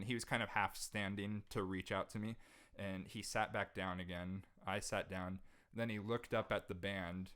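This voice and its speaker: A man's voice: sits low, a bit bright, clear, resonant tone. A young man, a podcast guest, earnestly telling an emotional personal story in casual conversation, restarting his sentences often as he goes. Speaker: podcast guest, jazz saxophonist.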